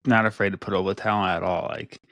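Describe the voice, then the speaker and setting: A man's voice: low voice, fairly even intonation, fast talker, fairly bright tone, no echo. A man co-hosting a podcast, chatting casually about wrestling and hedging his opinions with lots of "you know" and "like". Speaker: podcast co-host. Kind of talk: casual wrestling review chat.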